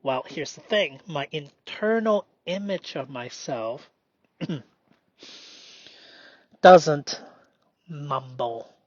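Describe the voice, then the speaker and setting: A man doing a slow, meditative spoken self-reflection, halting and often dropping into a whisper. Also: fairly high pitch, dry recording. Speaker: solo performer. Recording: dull lo-fi dry recording.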